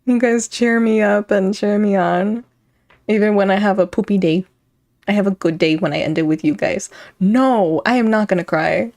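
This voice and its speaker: A woman's voice: medium pitch, moderate pace, a little mellow. A young woman streaming, chatting casually with her viewers, rambling and breaking into giggles often. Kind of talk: casual chat with live chat.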